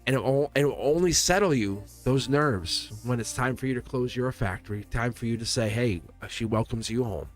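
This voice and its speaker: Male tarot reader, mid pitch, earnest and comforting, loose and rambling, faint music bed. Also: brisk, hardly any pauses. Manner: earnest, reassuring, rambling with restarts. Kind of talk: live tarot reading.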